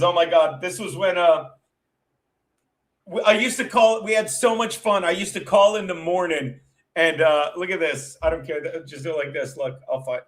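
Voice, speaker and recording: A man's voice: fairly high pitch, fairly bright tone. A man hosting a show as a comedian, telling rambling stories in a casual, profane, chatty way. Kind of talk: casual rambling storytelling chat.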